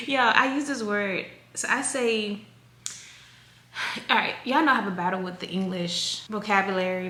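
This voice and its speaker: A woman in her thirties talking casually to camera in a chatty, rambling, animated way. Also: medium pitch, gravelly. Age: 30s. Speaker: vlogger. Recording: echoey room with faint noise.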